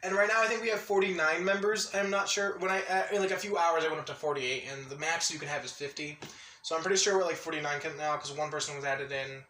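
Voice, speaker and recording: A man rambling excitedly in a casual vlog, laughing often and restarting his sentences. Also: fairly high pitch, fast, echoey room, distant mic, slight background noise. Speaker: anime vlogger.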